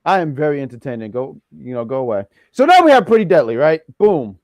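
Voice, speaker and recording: Male host, slightly high voice, playful teasing review chat. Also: big pitch swings, fast talker, a little mellow, no room sound, studio quality. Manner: playful teasing, lots of fillers. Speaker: podcast host. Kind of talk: casual wrestling review chat.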